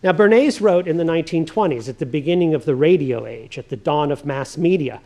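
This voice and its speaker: A male pastor giving a reflective, measured sermon, reading scripture with emphasis. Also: a little high, lively intonation, mellow.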